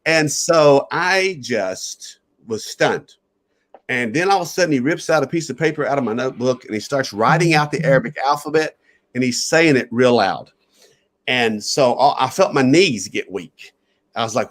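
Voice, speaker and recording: A man's voice: mid-range voice, expressive, normal speed. A man who is a pastor, earnestly telling a personal story in an interview and chuckling at times.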